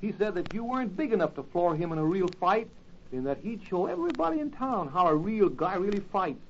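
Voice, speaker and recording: A man's voice: sits high, sing-song, fairly quick. A man playing a goofy, lovestruck teen boy who blusters and laughs when flustered, in 1940s radio acting. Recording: dull old radio recording with faint hiss.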